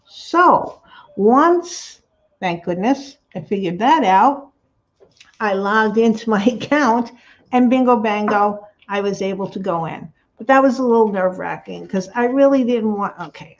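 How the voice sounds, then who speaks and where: A woman's voice: medium pitch, moderate pace, highs cut off. A woman chatting casually to her livestream viewers while she crafts, rambling and laughing often as she reads the chat. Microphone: laptop mic on a livestream.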